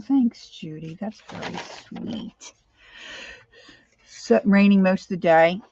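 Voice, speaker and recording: A woman's voice: medium pitch, slow, gravelly, highs cut off, background noise. An older woman hosting a crafting livestream, chatting casually and greeting viewers by name as she works.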